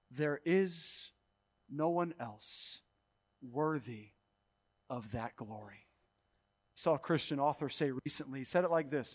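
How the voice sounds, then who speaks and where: Male pastor, high voice, sermon, swings between loud proclaiming and hushed asides. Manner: rapid-fire exhortations.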